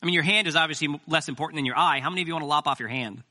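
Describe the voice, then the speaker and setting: A man's voice: a little high, racing, pushed and bright. A man preaching a sermon as pastor, talking conversationally with self-deprecating jokes.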